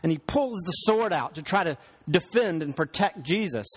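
A male pastor preaching a sermon, telling stories and slowing down for emphasis. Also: fairly high pitch, lively intonation, husky. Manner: storytelling, slows for emphasis. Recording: long hall reverb.

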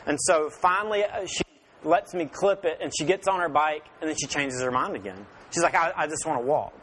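A man's voice: a little high, a little fast, husky. A man in his thirties, a father telling a humorous personal story to an audience, poking fun at himself and acting out the dialogue. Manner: self-mocking, acts out dialogue in lively voices.

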